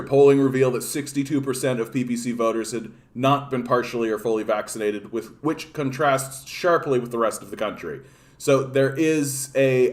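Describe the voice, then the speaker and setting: Profane ranting man hosting a livestream. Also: mid-range voice. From Canada. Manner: profane, animated ranting, greets chat viewers. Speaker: political livestream host. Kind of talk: casual livestream commentary.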